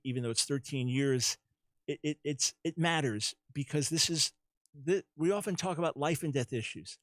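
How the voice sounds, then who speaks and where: Male radio talk host, earnest and preacherly, mid-pitched voice, dry studio sound. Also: no echo. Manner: earnest, repeats words as he speaks; preacherly appeal to listeners.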